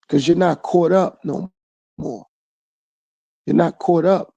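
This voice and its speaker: Gravelly man musing in a solo podcast. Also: a little high, fairly even intonation, slow pace, warm tone, no room sound. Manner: repetitive, rhetorical questions. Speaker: podcast host. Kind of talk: reflective solo monologue.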